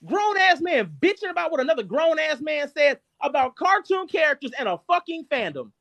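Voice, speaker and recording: A man hosting a live stream, ranting angrily and cursing constantly, his loudness jumping up and down. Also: very high-pitched, animated, fairly quick, creaky. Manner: heated, profane, cursing constantly; shifts abruptly between loud and quiet. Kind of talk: angry rant on a live stream.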